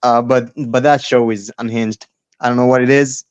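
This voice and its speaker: A young man being interviewed as a guest, answering in a quick, eager, friendly way. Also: mid-range voice, fairly even intonation, clean tone. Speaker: guest wrestler. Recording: dull lo-fi audio.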